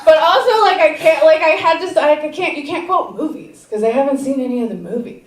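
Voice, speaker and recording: A woman's voice: sits high, lively intonation, fairly quick, a little hiss or hum. A woman doing a stand-up set, chatty and self-mocking, acting out other people in quotes. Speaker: stand-up comedy student. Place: comedy theater stage. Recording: echoey theater from far off.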